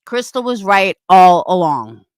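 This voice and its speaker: A woman's voice: mid-range voice, expressive, unhurried, clean tone, no echo. A woman hosting a livestream, ranting angrily and swearing constantly as she answers her chat, often repeating herself. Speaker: livestream host reading chat. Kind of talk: angry livestream rant.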